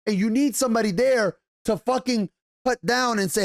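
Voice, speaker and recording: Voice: medium pitch, normal speed, vocal fry, dry recording, studio quality. A TV show reviewer giving an angry rant review, exasperated and swearing heavily, hammering the same points over and over.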